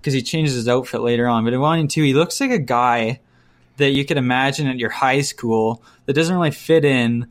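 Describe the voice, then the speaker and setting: A man talking in a casual, relaxed chat with a middle-pitched voice. He rants bluntly, piles on his complaints and breaks into quick mimicked voices as he goes. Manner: ranting, blunt, mimics voices mid-story. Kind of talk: casual chat reviewing movies.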